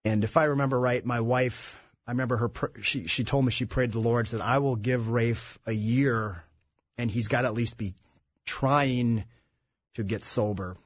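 A man as a radio studio guest, telling his recovery story in a halting way with many restarts. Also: mid-range voice, fairly even intonation, no echo, lo-fi sound. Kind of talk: personal recovery testimony.

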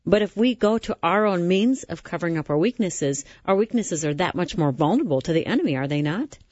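A woman's voice: fairly low pitch, expressive, a little fast, a little mellow, no echo, muffled recording. A woman hosting a Christian radio interview, affirming her guest and reflecting before asking follow-up questions. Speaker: radio talk show host.

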